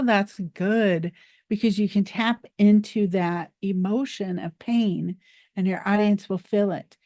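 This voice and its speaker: A woman with a fairly high voice teaches storytelling to camera, upbeat and animated, with a playful streak. The sound is dry and close, with no room echo. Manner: animated, playful, laughs at herself. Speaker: public speaking coach. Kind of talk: instructional talk to camera.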